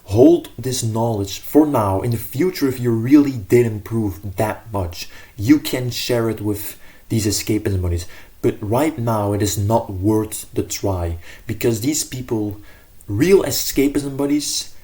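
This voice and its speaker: Earnest man with a dark, low voice. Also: a little slow. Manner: earnest, rambling, self-correcting. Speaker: self-improvement vlogger. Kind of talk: casual advice monologue.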